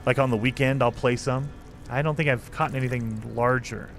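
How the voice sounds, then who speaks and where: A man's voice: medium pitch, steady tone, moderate pace, soft background music. A man streaming a game live, chatting with his viewers and laughing often as he plays. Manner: chatty, laughs often, talks to chat while playing. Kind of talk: casual live-stream chat.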